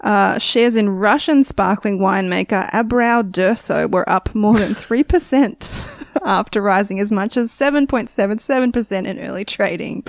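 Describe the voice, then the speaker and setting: A woman's voice: medium pitch, normal speed, vocal fry, no echo. A woman hosting a casual chat show, reading news items aloud with amused, laughing asides. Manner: amused, breaks into frequent laughter. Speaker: podcast host reading news.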